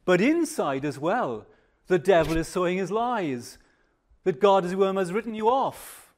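An older man delivers a sermon in a measured, emphatic way, dropping to a hush during reflective pauses. His voice is high and animated.

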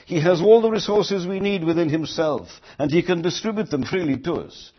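An older male preacher delivers a sermon with a husky, slightly rough voice. He talks earnestly and lifts his voice for emphatic quoted lines. The recording sounds dull and lo-fi. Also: on the high side, expressive, normal speed.

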